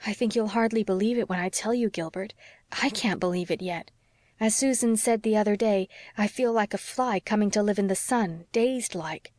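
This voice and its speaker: A woman reading the part of an excitable young wife, eager and breathless. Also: moderate pace, no echo, studio quality, lightly acted. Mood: excited. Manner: breathless, excited, rising pitch.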